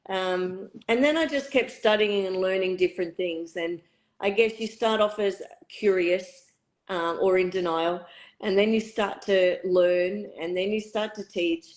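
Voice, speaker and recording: A middle-aged woman with a hoarse, husky voice, a spiritual retreat facilitator telling her story candidly in an interview. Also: on the low side, rough recording. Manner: candid, reflective, uses fillers. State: hoarse, croaky throat.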